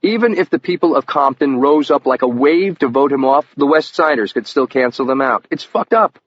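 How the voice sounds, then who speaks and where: A man voicing a blunt male investigator in an audiobook, outspoken and quick to outrage, his voice jumping up when indignant. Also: mid-range voice, close to an everyday voice. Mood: incredulous. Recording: muffled lo-fi audio with faint hiss.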